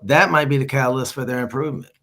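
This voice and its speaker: Man with an average-pitched voice, folksy panel speaker. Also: quick pace, pushed and bright. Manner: folksy, uses vivid sayings and chuckles. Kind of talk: casual panel talk.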